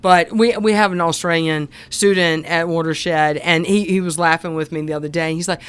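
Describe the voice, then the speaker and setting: A woman from North Carolina with a soft eastern Southern drawl, chatting as a podcast guest and telling lively stories. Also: lowish voice, normal speed, few pauses, clean tone. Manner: animated storyteller with a soft drawl. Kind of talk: casual chat.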